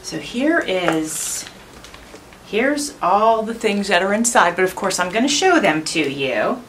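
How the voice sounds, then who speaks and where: A woman's voice: medium pitch, sing-song, takes it slowly, fairly bright tone, distant mic, slight background noise. A woman hosting her own craft channel, chatting through an unboxing with gushing enthusiasm. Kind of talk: unboxing narration.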